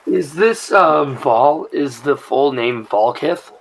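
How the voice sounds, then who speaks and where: A man's voice: fairly high pitch, lively intonation, slow pace, gravelly, very noisy. A man playing in a tabletop group, chatting casually and often stammering as he starts to talk. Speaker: player.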